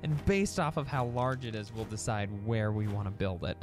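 Animated man rambling over gameplay. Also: fairly low pitch, normal speed, soft background music. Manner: chatty, animated, prone to excited yelps and stammered restarts. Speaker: gaming channel host. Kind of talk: casual gameplay commentary. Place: home recording setup.

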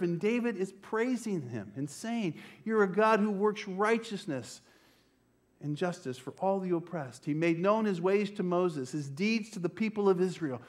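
An older man and pastor, preaching a sermon with slow, emphatic phrasing that sometimes drops to a near-whisper. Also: on the high side. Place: church.

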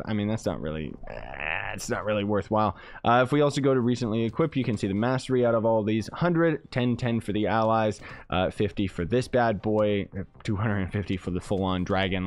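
A man's voice: mid-range voice, no echo. Playful rambling gamer guy. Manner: playful, rambling, jokey, self-mocking. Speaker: gaming YouTuber. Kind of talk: casual game commentary.

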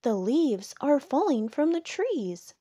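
A woman voicing a stuffed, weary woodchuck in a storybook, sighing slowly. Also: high-pitched, big pitch swings, mellow, pitched above the performer's own voice, full character voice. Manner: sighing, slow. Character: full, weary woodchuck ready to sleep.

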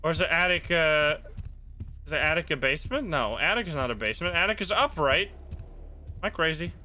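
A man's voice: fairly high pitch, lively intonation, bright, forceful tone. A young man streaming a horror game, reading its text aloud with chatty, wry asides and the odd curse. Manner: chatty and wry, reacts with quick asides and swearing.

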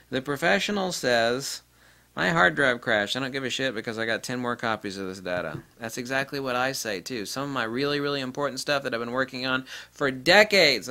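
A man giving an off-the-cuff repair tutorial, blunt and profane, ranting and mimicking people in high-pitched quotes. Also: bright, forceful tone. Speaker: DIY repair presenter.

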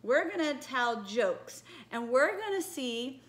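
A woman with a notably high, bright-pitched voice leads a children's church message. She tells the story in an animated, coaxing way and keeps stopping to ask the children questions. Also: takes it slowly. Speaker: children's ministry leader.

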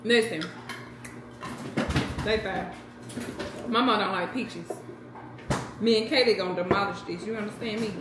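A woman in her thirties talks casually and directly to her viewers, as if catching up with friends. Her voice rings in an echoey home kitchen, with the clatter of dishes clearly heard behind her. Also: mid-range voice, unhurried, pauses often, noisy background. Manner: chatty, talks straight to viewers as "y'all". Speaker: vlogger. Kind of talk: casual vlog chat.

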